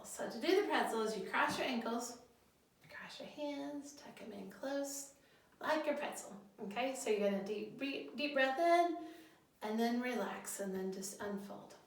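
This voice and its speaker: A woman school counselor giving a guidance lesson to children, gently leading breathing exercises step by step. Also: a little high, distant mic. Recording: echoey room, voice set back from the mic.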